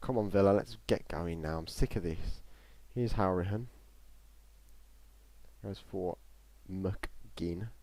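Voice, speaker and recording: A man's voice: low voice, slow pace, creaky, dry recording. An English man streaming live reactions to a football match, talking nonstop through the play and reading out chat messages, recorded in a small closed room at a desktop mic. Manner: excitable running commentary, reads live chat. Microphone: desktop mic in front of a screen.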